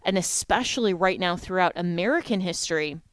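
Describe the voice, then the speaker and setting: A woman's voice: lowish voice, lively intonation, a little fast, no echo, studio quality. A woman hosting a talk show, earnest and pointed as she questions her guest.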